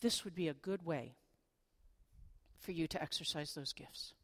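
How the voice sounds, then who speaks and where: A middle-aged woman pastor giving a sermon in a conversational, animated way, with playful asides. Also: low-pitched, a little slow.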